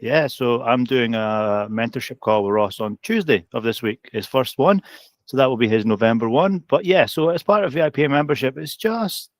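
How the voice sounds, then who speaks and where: An upbeat man in a mid-pitched voice co-hosts a casual chat about a coaching community, often turning to his partner by name. His voice sounds dry and close, with no room echo. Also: moderate pace. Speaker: co-host of a coaching community update.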